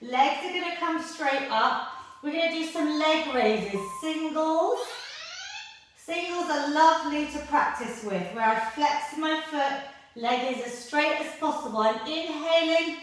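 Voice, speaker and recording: A woman's voice: high-pitched, unhurried. A woman fitness instructor coaching a workout from the mat, encouraging and out of breath as she exercises along. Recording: echoey room, voice from far off mic.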